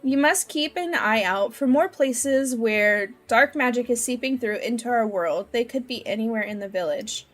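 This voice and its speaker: A woman's voice: a little high, moderate pace, few pauses, a bit bright, soft background music. A woman voicing an old male wizard mentor, reading game dialogue aloud in her own voice. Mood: earnest.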